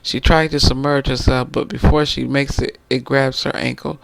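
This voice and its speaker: A man's voice: medium pitch, level tone, moderate pace, gravelly, a bit bright, dry recording, poor audio. A man reviewing a book, casually retelling its plot in detail and often restarting his phrases.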